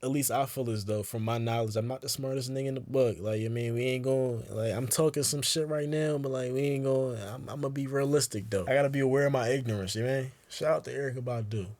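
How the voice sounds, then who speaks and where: A man's voice: medium pitch, fairly even intonation, quick pace, few pauses, a little mellow. Rambling young man musing to camera. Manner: rambling, slangy, talks straight to the viewer. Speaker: YouTuber. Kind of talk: casual vlog monologue.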